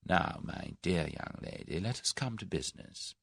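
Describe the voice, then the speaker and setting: Oily, persuasive schemer in a storybook, put on by a male narrator, deep and gravelly. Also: big pitch swings, normal speed, a bit bright, dry recording, clean studio sound, exaggerated voice. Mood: genial. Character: large smooth-talking older businessman, scheming.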